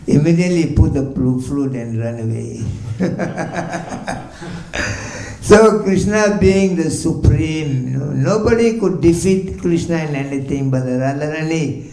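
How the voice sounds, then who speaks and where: A man, a swami, gives a morning sermon in a temple, telling his story with a constant "you know" and an occasional chuckle. His voice is mellow and unforced. The room rings with a roomy echo. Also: medium pitch, creaky. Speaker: swami giving a morning lecture. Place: temple hall. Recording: echoey temple hall.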